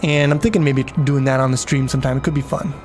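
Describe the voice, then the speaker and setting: A man's voice: mid-range voice, fairly even intonation, fast talker, a little mellow, a little hiss or hum. Profane, rambling male streamer. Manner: rambling, profane, talks to chat. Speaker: livestreamer. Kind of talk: casual gameplay livestream commentary.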